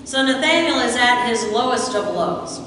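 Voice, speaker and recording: A woman preaches a sermon in a church sanctuary, retelling scripture and acting out the quoted lines. Her voice is a little high and animated at normal speed, recorded from far off in an echoey hall with a noisy background.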